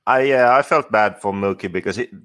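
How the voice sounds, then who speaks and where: A man co-hosting a podcast, talking in a laid-back, low-key way. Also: a little fast, fairly bright tone. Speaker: podcast co-host. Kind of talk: casual chat.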